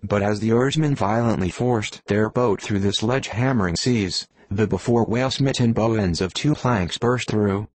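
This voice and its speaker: A man narrating a classic novel as an audiobook in a measured, expressive reading. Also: fairly low pitch, dry recording, low-quality recording.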